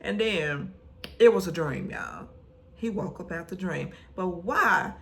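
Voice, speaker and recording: Slow, animated woman recapping a show. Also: on the low side. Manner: animated storytelling, acts out quotes. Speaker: recap vlogger. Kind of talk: casual episode recap.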